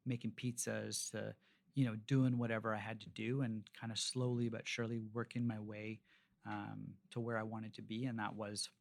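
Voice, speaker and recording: A man's voice: fairly low pitch, vocal fry. A man, a restaurateur, telling long anecdotes as a podcast guest, casual and rambling with many fillers and restarts. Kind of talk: casual storytelling interview.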